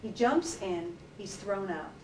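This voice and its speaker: A woman working as an animal communicator, talking gently and hesitantly in a relaxed consultation, with many fillers. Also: mid-range voice, slow. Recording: distant, roomy, noisy field recording.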